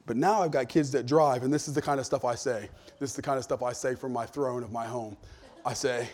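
A middle-aged male pastor, preaching a lively sermon full of personal stories, moving from jokey asides to loud rebukes. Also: medium pitch, fairly quick. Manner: animated, shifts from jokey asides to shouted rebukes.

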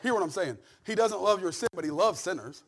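High-voiced, animated preaching man. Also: a little fast. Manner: animated preaching that swings from soft asides to shouted climaxes; humorous, folksy storytelling with laughs. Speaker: pastor. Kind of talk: sermon.

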